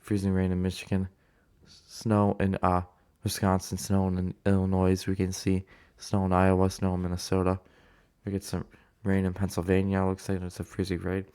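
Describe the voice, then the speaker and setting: A man's voice: low voice, completely flat delivery, normal speed, darkish tone, clear, resonant tone. A man casually talking through weather forecast maps, rambling with many fillers and restarts. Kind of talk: casual weather map walkthrough.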